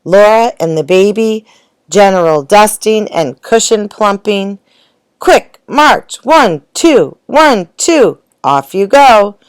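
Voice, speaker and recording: A woman voicing a bossy, cheerful father elephant who barks brisk orders at his family, in a storybook reading. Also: mid-range voice, expressive, smooth, dry recording, pitched above the performer's own voice. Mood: commanding. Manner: brisk commanding, drill-sergeant orders.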